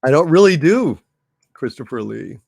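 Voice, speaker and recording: A man's voice: medium pitch, sing-song, moderate pace, vocal fry, a little mellow, husky, no room sound, clean studio sound. A man hosting a comedy livestream, reading out viewer messages in a hesitant, apologetic way. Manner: hesitant, apologetic, many fillers. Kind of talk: casual livestream chat.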